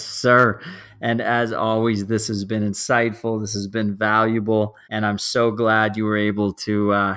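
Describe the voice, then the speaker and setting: A male host guiding a segment with polite, measured wrap-ups. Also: on the low side, fairly bright tone, no room sound, clean studio sound. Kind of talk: podcast hosting.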